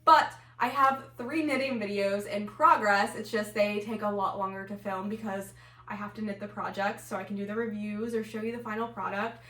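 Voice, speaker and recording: A woman's voice: mid-range voice, steady tone, moderate pace, bright, forceful tone. A woman chatting to camera about her houseplants, talking casually with lots of fillers and sounding a bit winded. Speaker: plant and knitting vlogger. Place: home room. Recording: roomy echo, mic at a distance.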